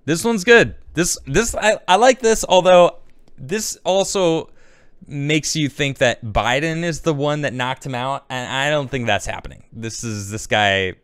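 A man's voice: fairly high pitch, unhurried, a bit bright, clean tone, no echo, studio quality. A man hosting a show, chatting casually and rambling as he reacts to memes one after another. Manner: rambling, chatty, thinks aloud. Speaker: host.

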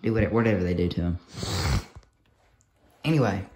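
Excitable young man vlogging. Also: low voice, brisk. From United States. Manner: excitable, rambling, fillers and restarts. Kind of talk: casual vlog to camera.

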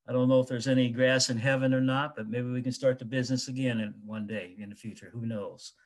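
A middle-aged American man giving an emotional, halting remembrance of a lifelong friend. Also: mid-range voice, steady tone. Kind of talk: heartfelt personal remembrance.

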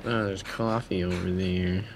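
A young man chatting with a friend over co-op gameplay, excitable and jokey. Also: low-pitched, a little slow, background noise. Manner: excitable, jokey, laughs a lot. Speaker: gamer. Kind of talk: casual co-op gaming commentary.

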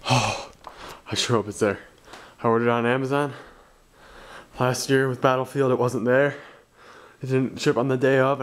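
A young man filming an excited unboxing vlog, swinging from shrieks of joy to hushed murmurs. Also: medium pitch, clear, resonant tone. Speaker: gaming YouTuber. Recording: noisy home recording.

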